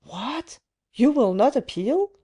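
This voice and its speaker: A woman reader voicing a proud, imperious young aristocratic woman in an audiobook, speaking in a raised, sharp voice. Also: fairly high pitch, normal speed, voice pushed up, lightly acted. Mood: indignant. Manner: imperious, indignant questioning.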